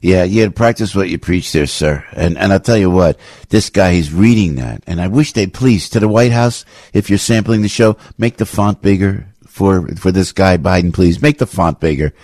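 A man hosting a talk radio show, ranting in an animated, opinionated way with loud outbursts. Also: sits low, normal speed, dry recording. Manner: animated, breaks into loud outbursts and mocking voices.

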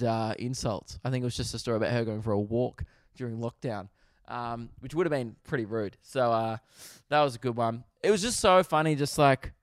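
A man's voice: mid-range voice, no echo, studio quality. Laid-back Australian man telling a story. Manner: laid-back, swears freely, laughs at own story. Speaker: podcast host. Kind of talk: casual storytelling.

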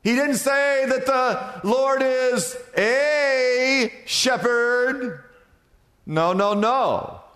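High, lively preaching man in a hall. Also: very slow. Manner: emphatic, repeats phrases, asks the listeners direct questions. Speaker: pastor. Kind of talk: preaching a sermon. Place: church sanctuary. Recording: long reverb of a large hall.

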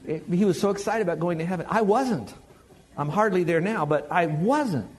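A man preaching a sermon in a conversational, animated way, joking with the congregation. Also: high voice, normal speed.

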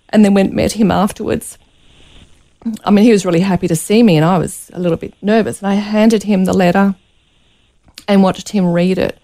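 A woman's voice: medium pitch, creaky, mellow. A woman telling a painful personal story as a radio interview guest, earnest and close to tears. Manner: earnest, emotional, near tears.

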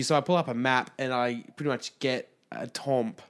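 A man's voice: medium pitch, normal speed, a bit bright, clear, resonant tone. A man co-hosting a podcast, who tells rambling stories in casual comedic chat and laughs often as he talks. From Australia. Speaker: podcast co-host.

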